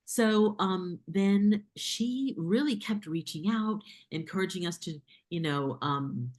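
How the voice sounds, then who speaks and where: A woman filmmaker, a guest on an interview podcast, telling a lively story with lots of fillers and acted-out quotes. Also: mid-range voice, slow pace. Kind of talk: casual interview anecdote.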